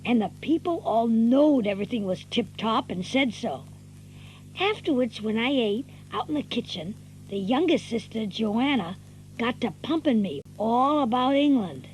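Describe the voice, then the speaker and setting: A woman's voice: on the high side, expressive, moderate pace, a little mellow, slight background noise, close to an everyday voice, poor audio. A woman voicing a scrappy teenage country boy with a rural Southern US dialect, narrating and acting in a radio play. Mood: wry. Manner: folksy, drawling storyteller.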